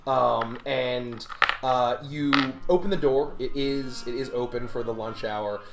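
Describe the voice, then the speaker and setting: A woman narrating a tabletop game as game master, halting with many fillers. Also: rumbling low, very noisy. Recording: echoey room with music behind.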